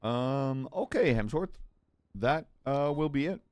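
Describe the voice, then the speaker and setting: A man's voice: medium pitch, expressive, slow pace, darkish tone, clean tone, dry recording. A man in a casual gaming role-play, playing a blunt police lieutenant who swears often while interviewing applicants.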